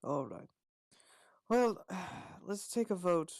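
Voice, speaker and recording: A man's voice: high-pitched, animated, slow pace, creaky, no echo, studio quality. A man playing a tabletop game, talking through travel plans in a blunt, practical way. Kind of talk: casual game chat over voice call.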